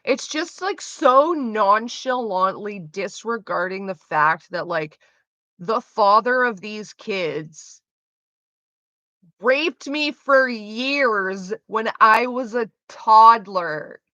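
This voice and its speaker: A woman's voice: mid-range voice, expressive, very slow, sharp tone, no echo. A woman hosting a casual livestream chat, talking bluntly and rambling, with heavy swearing. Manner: blunt, heavily profane, rambling. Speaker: livestream host. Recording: slightly muffled lo-fi audio.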